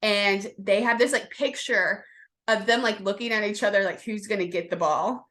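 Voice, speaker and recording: A woman co-hosting a casual sports chat podcast, rambling and excitable, with lots of fillers and restarts. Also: medium pitch, normal speed. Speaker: podcast co-host.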